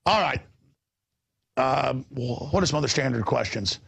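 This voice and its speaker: A middle-aged man hosting a talk show, rambling in an animated way and repeating his words, with a gravelly voice. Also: normal speed. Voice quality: gravelly, husky voice. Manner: excitable, repeats words, jumps between pitches.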